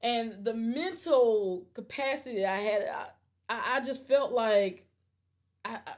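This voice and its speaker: A woman's voice: a little high, measured pace. A woman on a podcast, telling a personal story casually and animatedly, with restarts and stammers when it gets emotional. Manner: animated, acts out the quoted voices. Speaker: podcast host.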